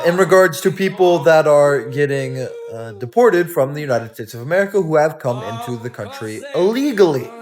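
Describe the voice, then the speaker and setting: A man hosts a casual reaction show with sarcastic, mocking commentary. His voice sits high for a man. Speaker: reaction channel host.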